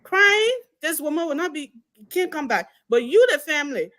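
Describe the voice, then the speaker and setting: A woman's voice: sits high, big pitch swings, normal speed, fairly bright tone. A young woman from Liberia calling into a live political talk show on her phone. She speaks in an impassioned, emphatic way, with many restarts. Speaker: caller. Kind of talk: passionate political call-in talk.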